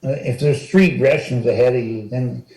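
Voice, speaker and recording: A man in his sixties, an interview guest, telling stories in a lively, animated way and jumping higher when he acts out what was said. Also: normal speed. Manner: animated storyteller, acts out quotes with rising pitch. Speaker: interview guest, retired wrestler. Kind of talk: casual storytelling interview. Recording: roomy echo.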